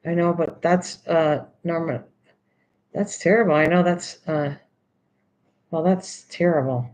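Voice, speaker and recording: A woman's voice: sits low, unhurried, darkish tone, a little hiss or hum, rough recording. An older woman hosting a craft video, chatting casually and teasingly, repeating words over and over while she works.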